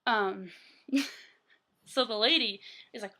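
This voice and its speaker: A woman's voice: fairly high pitch, fairly even intonation, moderate pace, sharp tone. A young adult woman telling stories casually in a vlog, rambling with many fillers and laughing often. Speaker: vlogger. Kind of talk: casual storytelling.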